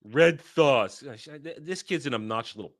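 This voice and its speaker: A man's voice: medium pitch, expressive, quick pace, a bit bright. A man hosting a video reaction, ranting in profane, mock-outraged bursts. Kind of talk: reaction commentary.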